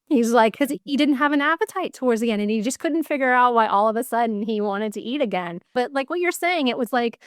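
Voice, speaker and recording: Podcast host: woman, smooth clear voice, dry close sound, candid and animated. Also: a little high, fast talker, few pauses, no room sound. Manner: candid, swears casually, animated storytelling. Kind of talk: casual interview chat.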